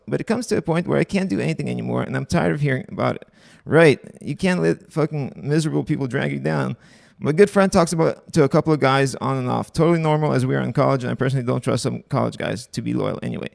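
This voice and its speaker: Gravelly young man streaming casually. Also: mid-range voice, fast talker, hardly any pauses, a little mellow, no room sound, clean studio sound. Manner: blunt, profane, offhand asides. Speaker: livestream host reading posts. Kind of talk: casual livestream commentary.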